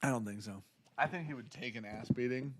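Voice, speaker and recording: A man's voice: mid-range voice, a little fast. Profane, argumentative male podcaster. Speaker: podcast co-host. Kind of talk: casual chat.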